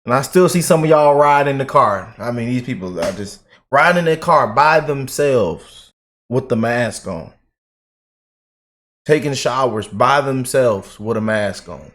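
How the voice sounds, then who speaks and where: Hyped commentary host. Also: male voice, mid-range voice, lively intonation, a little slow, a bit bright. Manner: hyped, repeats himself, quotes imagined critics. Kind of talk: casual commentary.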